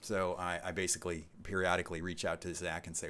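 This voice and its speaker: Deep-voiced man in his sixties hosting a live stream. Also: level tone, fast talker, bright, forceful tone, slight background noise. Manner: rambling, reads out chat comments with asides. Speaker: channel host. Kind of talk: casual live-stream chat.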